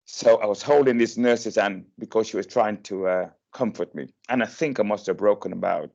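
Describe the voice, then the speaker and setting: A man telling his own story to an online meeting, hesitant and emotional, with many pauses and fillers. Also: fairly low pitch, creaky, dull audio. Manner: slow and hesitant, many uhs, emotional and animated when quoting. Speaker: guest speaker sharing his experience.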